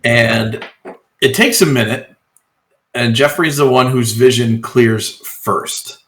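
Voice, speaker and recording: A man narrating as game master of a tabletop role-playing game, relaxed and hesitant with frequent pauses. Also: mid-range voice.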